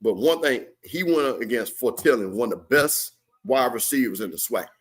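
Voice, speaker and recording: A man's voice: mid-range voice, expressive, normal speed. Chatty man hosting a game watch stream. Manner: chatty, reads viewer comments, loose slangy talk. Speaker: watch party stream host. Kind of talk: live sports commentary chat.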